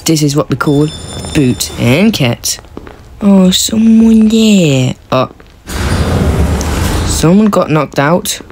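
Woman, gameplay commentary, excitable, low voice, slow delivery, faint noise behind. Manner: excitable, yelps and laughs, talks to teammates. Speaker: gaming video creator.

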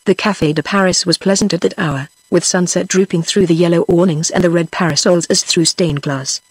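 A synthetic woman's voice with a British English accent, reading a story in an even, steady manner without acting the characters. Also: fairly low pitch, brisk, husky, no room sound. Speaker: audiobook narrator. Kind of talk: text-to-speech audiobook reading.

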